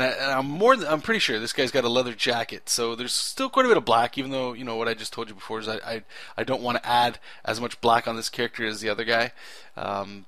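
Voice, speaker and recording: A man's voice: medium pitch, bright, forceful tone, dry recording. A man talking casually over his own drawing video, rambling earnestly with frequent self-corrections. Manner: earnest and enthusiastic about clear storytelling. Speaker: artist narrating his drawing process.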